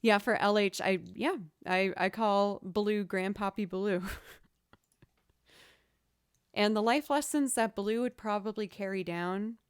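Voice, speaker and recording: A woman hosting a casual livestream chat, answering viewer questions as a chatty, expressive storyteller. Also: mid-range voice, a little slow, clean tone, dry recording, studio quality. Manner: chatty, expressive storyteller who acts out quoted reactions.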